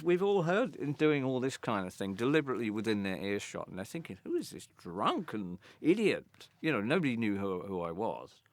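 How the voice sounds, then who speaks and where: An older man recounting a backstage story in an interview, animated, acting out the others' lines and often stammering into restarts. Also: on the low side, moderate pace, few pauses, dry recording, clean studio sound. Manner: animated, acts out quoted voices, stammering restarts. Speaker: interviewee, former band guitarist.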